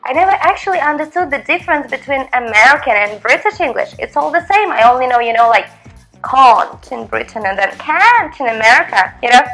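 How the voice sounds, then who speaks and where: A woman hosts in a bubbly, giggly way, speaking English with Russian as her first language. Her voice sits fairly high. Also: expressive, brisk, fairly bright tone, soft background music, low-quality recording. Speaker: host. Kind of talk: casual chat.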